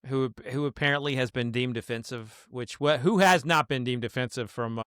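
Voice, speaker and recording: A man's voice: mid-range voice, a bit bright, clear, resonant tone, dry recording, clean studio sound. A man hosting a podcast in casual chat, telling stories in a playful way. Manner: playful storytelling, quick to laugh. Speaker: podcast host.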